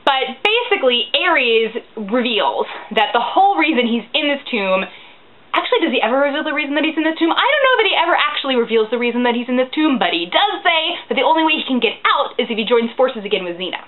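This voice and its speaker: A woman casually recapping a TV episode, gushing and animated, sometimes dropping into a whisper. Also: sits high, fast. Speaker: recap podcast host. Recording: tinny phone-like audio.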